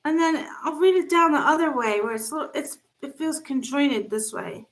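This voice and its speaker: A woman's voice: high voice, lively intonation, moderate pace, poor audio. A woman hosting a casual live stream, reading text messages aloud and chatting with viewers about them. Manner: reads text messages aloud and reacts to chat. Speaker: livestream host reading viewer comments.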